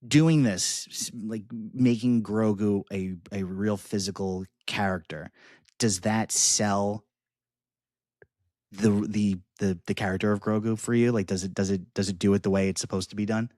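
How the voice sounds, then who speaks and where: A man's voice: lowish voice, fairly even intonation, moderate pace, darkish tone, no echo, studio quality. A man co-hosting a film podcast, talking casually with frequent fillers and restarts as he reviews a movie. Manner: rambling, many fillers and restarts. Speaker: podcast co-host.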